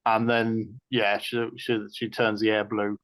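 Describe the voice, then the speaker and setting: A man's voice: fairly low pitch, little pitch movement, unhurried, fairly bright tone, no echo, rough recording. English Midlands man, chatty and dry. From England. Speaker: co-author guest. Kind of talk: casual interview chat.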